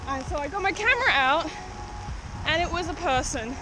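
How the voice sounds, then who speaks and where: A high, bright-pitched woman chats and exclaims to her viewers as she wanders an overgrown graveyard in the rain, a bit out of breath. Soft music plays underneath. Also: animated, moderate pace, low-quality recording. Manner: chatty, exclamatory, talks to viewers. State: out of breath while walking. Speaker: cryptid-hunting vlogger. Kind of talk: casual vlog commentary while exploring. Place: overgrown cemetery outdoors in the rain.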